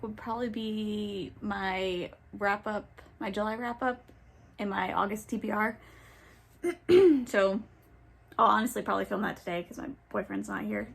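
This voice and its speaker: A woman's voice: medium pitch, gravelly, a little hiss or hum. Chatty young woman vlogging about books. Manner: chatty, rambling, with many ums and self-corrections. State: has the hiccups. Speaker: book vlogger. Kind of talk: casual chat. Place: home, in her pajamas.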